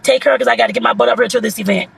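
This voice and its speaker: A woman's voice: a little high, steady tone, very fast, creaky, husky. A woman vlogging from inside her car, giving blunt, outspoken life advice and calling her viewers y'all. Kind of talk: casual talking-head vlog.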